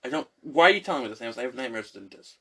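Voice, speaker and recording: Bright-voiced animated young man. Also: mid-range voice, rapid-fire, husky. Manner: animated storyteller acting out quotes. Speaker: co-host. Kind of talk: casual chat.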